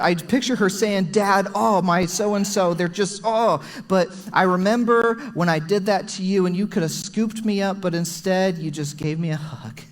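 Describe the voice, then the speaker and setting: A young man preaching in a large church, his voice sitting a little higher than most men's. He speaks earnestly and personally, now and then close to tears, and a long hall reverb trails behind every phrase. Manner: earnest and personal, gets emotional. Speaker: pastor. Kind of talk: sermon.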